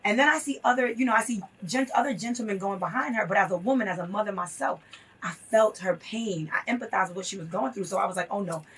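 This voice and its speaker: A woman's voice: medium pitch, fast, fairly bright tone, slightly rough, distant mic. A woman guest telling a story in an interview, earnest and impassioned, repeating phrases for emphasis.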